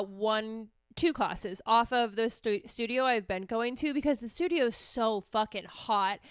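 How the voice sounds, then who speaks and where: A woman's voice: medium pitch, a bit bright, smooth, dry recording, clean studio sound. A woman therapist hosting a casual solo podcast, talking candidly with lots of swearing and self-mockery. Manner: candid, chatty, swears freely, self-mocking.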